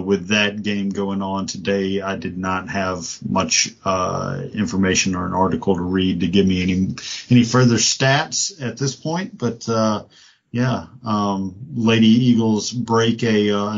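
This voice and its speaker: A man co-hosting a sports podcast, talking casually and rambling with lots of fillers. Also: lowish voice. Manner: relaxed, rambling, many fillers. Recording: dull lo-fi audio.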